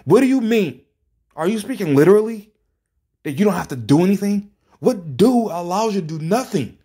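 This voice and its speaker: A man's voice: high-pitched, expressive, normal speed, dark tone, breathy edge. A man reacting to viewer comments in a rant that is exasperated, profane and sarcastic. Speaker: commentary streamer.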